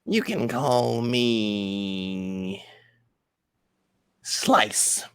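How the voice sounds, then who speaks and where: A man voicing a small, wary male goblin scout in a tabletop game, asking slow, guarded questions. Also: on the low side, lively intonation, clean tone, full character voice.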